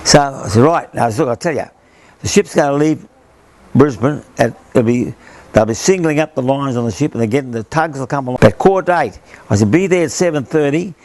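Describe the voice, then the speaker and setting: An older man with an Australian accent tells a long reminiscence in an oral history interview. His voice is gravelly and sits at a middle pitch. He wanders, repeats his lines and slips into the voices of the people in his story. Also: quick pace, a little mellow. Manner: rambling storyteller who repeats himself and acts out quoted voices. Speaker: interviewee, former sailor.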